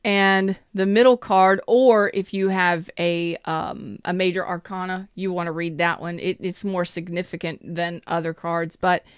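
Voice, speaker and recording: A woman's voice: lowish voice, clear, resonant tone, no echo, clean studio sound. A woman giving a casual, chatty tarot reading, speaking straight to her viewers in an upbeat, emphatic way. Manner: chatty, addresses viewers directly. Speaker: tarot reader.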